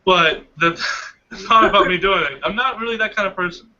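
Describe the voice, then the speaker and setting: A man's voice: high voice, a little fast, sharp tone, muffled recording. A young man in casual chat, animatedly telling a long dream story and laughing often. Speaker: hangout participant.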